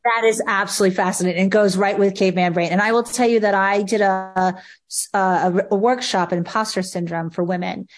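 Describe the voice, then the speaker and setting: Woman guest, mid-pitch, energetic and emphatic in casual chat. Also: brisk. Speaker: podcast guest, workshop leader.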